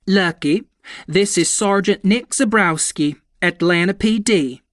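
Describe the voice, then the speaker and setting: A man narrating an audiobook, voicing a playful, teasing woman cop in a raised, bright tone. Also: mid-range voice, unhurried, no room sound, clean studio sound, voice pushed up, close to an everyday voice. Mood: breezy.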